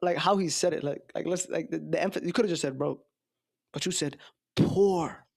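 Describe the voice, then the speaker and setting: Gravelly blunt male commentator. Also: on the high side, normal speed, a little mellow, no room sound, clean studio sound. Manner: blunt, scolding, slangy. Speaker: commentary host reacting to clips. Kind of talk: reaction commentary.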